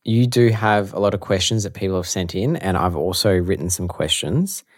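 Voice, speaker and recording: A man co-hosting a podcast, asking questions in a relaxed, casual way. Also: deep voice, moderate pace, no room sound, clean studio sound. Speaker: podcast co-host.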